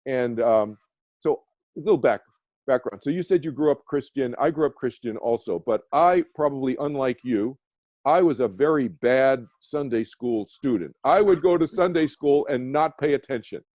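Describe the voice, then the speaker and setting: A man's voice: medium pitch, expressive, moderate pace, darkish tone, no room sound, lo-fi sound. A man, a meditation teacher, telling a personal story as a radio guest, earnest and rambling with many restarts. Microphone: phone or video call.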